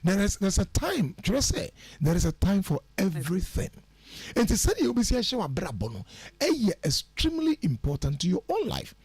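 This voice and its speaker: This guest on a radio show has a high, husky voice and speaks at a normal pace. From the studio he gives animated, moralizing tips on organizing your life, weaving in English phrases, with no room sound audible.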